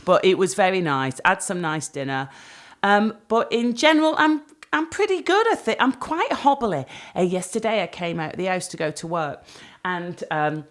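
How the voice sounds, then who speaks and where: A middle-aged woman, co-hosting a podcast, telling stories in an animated, self-mocking way. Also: on the low side, moderate pace. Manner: animated, self-mocking storytelling with frequent laughs. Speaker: podcast co-host. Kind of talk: casual chat.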